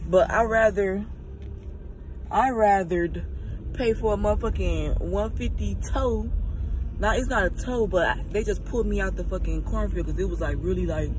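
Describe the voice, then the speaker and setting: A woman's voice: medium pitch, normal speed. A woman vlogger chatting casually to camera while driving, talking slangy and profane and calling her viewers y'all. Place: inside a car while driving. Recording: loud car and road noise. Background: car engine and road noise.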